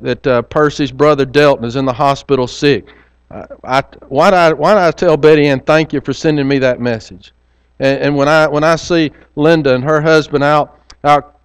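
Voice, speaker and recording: Preacher, earnest storyteller, smooth resonant tone, stumbles and repeats words. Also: male voice, fairly high pitch, no room sound. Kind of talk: sermon with personal storytelling.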